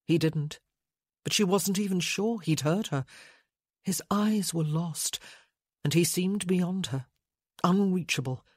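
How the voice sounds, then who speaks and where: Slow, husky woman reading an audiobook. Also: lowish voice, dry recording. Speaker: audiobook narrator. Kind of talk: scripted audiobook narration.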